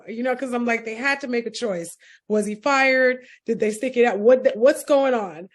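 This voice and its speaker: Higher-voiced woman telling a lively story. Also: moderate pace. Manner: lively storyteller, laughing often. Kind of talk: casual chat.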